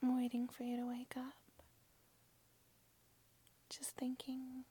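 A woman speaking in a breathy whisper, playing a lover in a whispered role-play with soft murmured hums. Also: sits high, monotone, takes it slowly. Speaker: girlfriend in an audio role-play.

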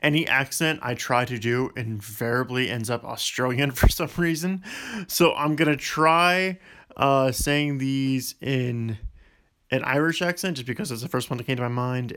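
A man's voice: medium pitch, moderate pace, a bit bright. A man with a Western Pennsylvania accent reading a word list for an accent challenge vlog, with casual asides between words. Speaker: vlogger.

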